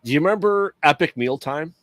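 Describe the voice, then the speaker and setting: A man co-hosting a podcast, chatting casually and explaining things in a relaxed, easygoing way. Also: a little high, fairly quick, no room sound. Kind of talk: casual chat.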